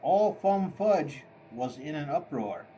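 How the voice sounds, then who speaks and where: Man reading a story aloud, slow and measured, kinda high voice, faint music behind. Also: animated, mellow, slight background noise, low-quality recording. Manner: measured, mock-grand storytelling. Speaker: audiobook narrator. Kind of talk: scripted narration.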